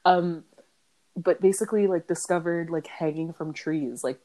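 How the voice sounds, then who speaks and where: Low-voiced young woman, frank and exasperated. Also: a little fast, warm tone. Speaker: podcast co-host. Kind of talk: casual podcast chat.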